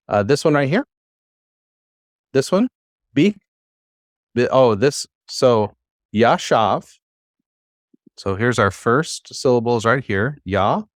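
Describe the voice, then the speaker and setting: A man's voice: mid-range voice, dry recording, clean studio sound. A man teaching a class, who explains patiently and coaxes his students to try reading aloud. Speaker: Hebrew teacher.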